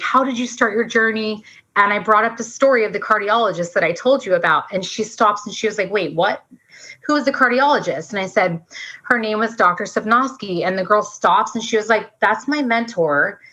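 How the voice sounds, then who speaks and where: A woman in her forties telling a personal story as a podcast guest, fast and earnest, saying "like" often. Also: medium pitch, bright, forceful tone. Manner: fast, earnest, says "like" a lot. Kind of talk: emotional storytelling. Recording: dull lo-fi sound.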